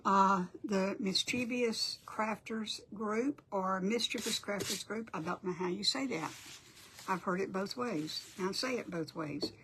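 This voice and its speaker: A woman's voice: medium pitch, slight background noise. An older woman hosting a casual crafting livestream, chatty and apologetic as she greets viewers by name.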